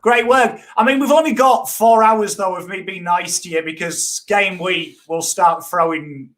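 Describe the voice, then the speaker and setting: A man's voice: high-pitched, a little slow, fairly bright tone. A man co-hosting a casual footy chat, dry and teasing, with a lot of "I mean" fillers. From England. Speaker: co-host.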